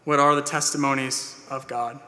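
A man's voice: medium pitch, little pitch movement, moderate pace, pushed and bright. A man preaching a sermon as pastor to his church, earnest and plain-spoken, with "uh"s and restarts. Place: church sanctuary. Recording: long hall reverb.

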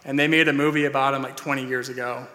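Speaking fast, a man preaches to his church with a level tone and a medium-pitched voice that is pushed and bright. He's earnest and plain-spoken, with "uh"s and restarts, and the sanctuary adds long hall reverb.

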